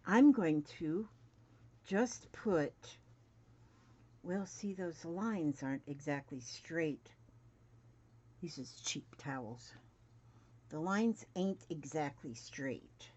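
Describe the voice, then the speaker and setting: An unhurried woman in her seventies with a low voice who chats and mutters to herself as she works through a sewing demonstration. She was recorded on a dull, lo-fi home setup with faint noise in the background. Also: mellow. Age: 70s. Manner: chatty, mutters to herself while working. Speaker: crafting vlogger.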